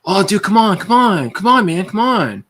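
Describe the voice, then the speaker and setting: A man voicing a pushy homeless bully in a higher, whining voice while retelling a story. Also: rapid-fire, fairly bright tone. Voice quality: high whining, pleading.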